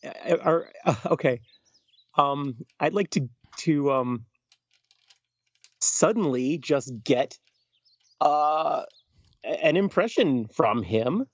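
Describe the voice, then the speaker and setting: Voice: mid-range voice, animated, no echo. Hesitant player on a dull lo-fi mic. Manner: hesitant, halting speech with many fillers. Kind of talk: playing a tabletop game.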